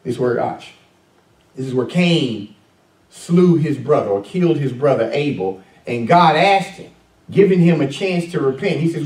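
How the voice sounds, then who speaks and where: A man's voice: fairly high pitch, expressive, normal speed, a little mellow. A male pastor preaching a conversational sermon, full of fillers and questions to the congregation. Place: church sanctuary. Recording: echoey church room, mic at a distance.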